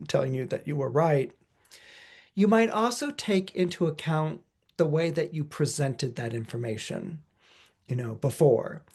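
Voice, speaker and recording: A middle-aged man, an astrologer, giving a podcast forecast in a loose, chatty way, full of "you know" and acted-out quotes. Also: on the high side. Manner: lively storyteller who acts out quoted voices.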